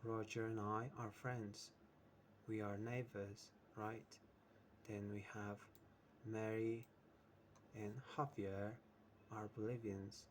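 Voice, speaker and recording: Man, English teacher, slow and patient, checks in with "right?", faint noise behind. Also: lowish voice, level tone. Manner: explains with examples, asks "right?" often.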